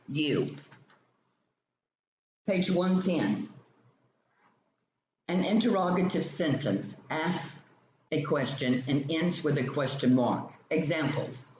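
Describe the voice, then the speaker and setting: A male teacher slowly reading a grammar textbook lesson aloud, explaining each example sentence step by step. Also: a little high. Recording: roomy, dull lo-fi sound with faint ambient noise.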